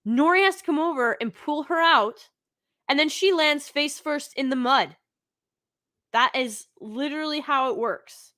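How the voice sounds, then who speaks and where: A woman's voice: sits high, a little slow, sharp tone. A woman hosting a live-streamed TV review, talking off the cuff, emphatic and exasperated, repeating her points again and again. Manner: exasperated, critical.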